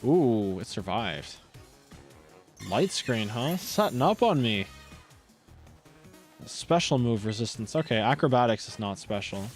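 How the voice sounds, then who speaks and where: A male streamer chatting casually while playing a game, rambling and lively. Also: mid-range voice, a little slow, long pauses, faint music behind. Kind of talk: casual gameplay chat.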